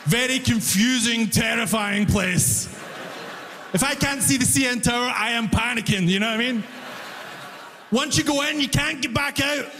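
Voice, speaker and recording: A man performing a stand-up comedy set, telling stories with animated delivery and shouted punchlines on a comedy club stage. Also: very high voice, normal speed, slight background noise. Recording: reverberant live room, faint ambience.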